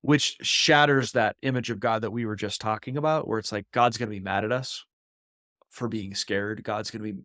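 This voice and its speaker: A podcast co-host with a mid-range, slightly bright voice discusses a Bible passage conversationally, in an earnest and reflective manner. He sometimes acts out the voices he quotes. The sound is clean studio audio with no echo.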